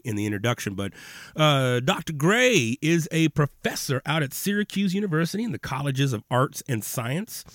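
A man's voice: medium pitch, a bit bright, dry recording, studio quality. A man hosting a podcast in a laid-back, slangy chat, often laughing as he talks. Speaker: podcast host.

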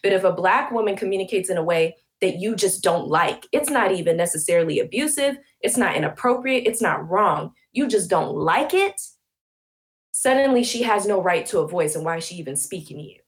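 A woman's voice: medium pitch, lively intonation, moderate pace. A woman speaking as a podcast guest, passionate and emphatic, building her points with rhetorical questions. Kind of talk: conversational interview.

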